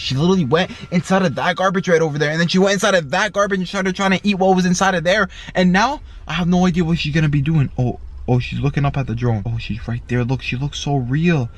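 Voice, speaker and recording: A man giving excited vlog commentary from inside a car, repeating himself with constant exclamations. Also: fairly high pitch. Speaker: YouTuber.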